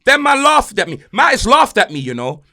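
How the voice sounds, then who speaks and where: Animated man ranting. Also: very high-pitched, fairly quick. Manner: loud, boastful, mocking, heavy slang. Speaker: podcast host. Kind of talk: animated football banter.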